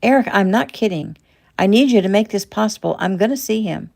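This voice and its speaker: A woman's voice: mid-range voice, expressive, fairly quick, gravelly, a little mellow, voice pushed up. A woman voicing an indignant, protective middle-aged mother in a read-aloud novel. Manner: demanding, indignant.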